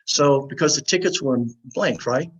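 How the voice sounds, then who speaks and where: A man's voice: mid-range voice, moderate pace, slightly rough, low-quality recording. A man, a guest on an interview show, telling a story casually and acting out the other people in it. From United States. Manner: animated anecdote teller, acts out quoted voices.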